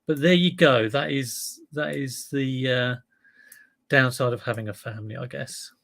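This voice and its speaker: A man's voice: mid-range voice, a little slow, creaky, fairly bright tone. Chatty man telling dad jokes. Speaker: host of a live stream. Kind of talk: casual live-stream chat.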